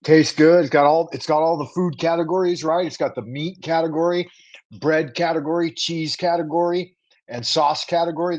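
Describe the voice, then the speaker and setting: A man with a voice on the high side hosts a casual livestream food review, bantering playfully with viewers through rhyming patter and asides. The recording comes from a livestream setup and sounds muffled.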